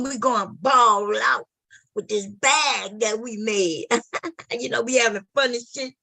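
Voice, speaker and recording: A woman streaming late at night, telling a profane comic story and acting out scenes, often loud and animated, into a computer mic. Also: a little high, unhurried, gravelly. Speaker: comedy streamer.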